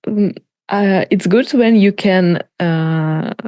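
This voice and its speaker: A woman's voice: mid-range voice, takes it slowly, mellow, no room sound. A woman with Russian as her first language hosting a casual podcast chat, hesitating with many fillers and laughing often. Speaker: podcast host. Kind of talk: casual conversation.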